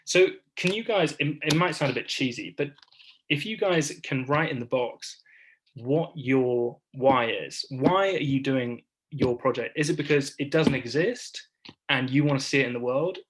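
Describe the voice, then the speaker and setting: Man speaker for a web workshop, chatty, mid-pitched, quick to laugh at himself. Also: slight background noise, poor audio. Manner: chatty, self-deprecating, many restarts. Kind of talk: online workshop talk. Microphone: video call.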